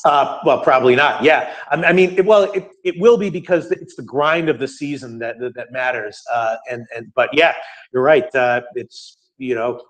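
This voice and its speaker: Guy rambling thru betting questions in a studio, lots of uh and restarts, normal pitch. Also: moderate pace, a bit bright. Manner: rambling, many fillers and restarts. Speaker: guest sports bettor answering viewer questions. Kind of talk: casual studio Q&A chat.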